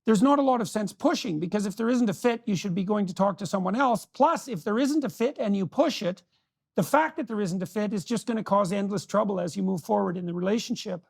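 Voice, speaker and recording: A man's voice: sits high, fairly quick, vocal fry. An older man hosting an interview, speaking earnestly and affirming his guest often. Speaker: podcast host. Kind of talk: casual interview conversation.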